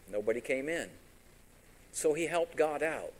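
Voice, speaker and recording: In a low-quality recording, a man with a somewhat high voice preaches a sermon at an unhurried pace. He animatedly retells a story, acting out each character's lines in different voices and putting questions to the congregation.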